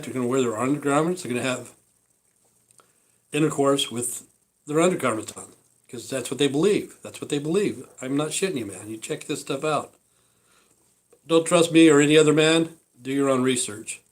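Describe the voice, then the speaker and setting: A man chatting on a home live stream, rambling from one thought to the next. His talk is loose and full of "you know" and "uh" as he eats. His voice sits at an ordinary middle pitch. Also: brisk, rough recording. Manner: rambling, with many fillers and asides. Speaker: vlogger.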